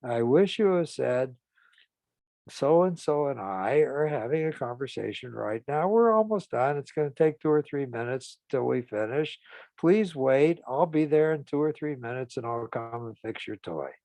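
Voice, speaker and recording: A man voicing a calm, firm woman partner who sets limits in a measured, plain-spoken way. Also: mid-range voice, no room sound, natural voice.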